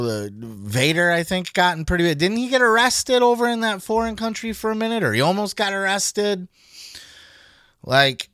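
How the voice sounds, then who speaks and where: Bright, dry-voiced man ranting profanely. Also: on the high side, clean tone, no room sound. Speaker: podcast host. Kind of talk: casual chat.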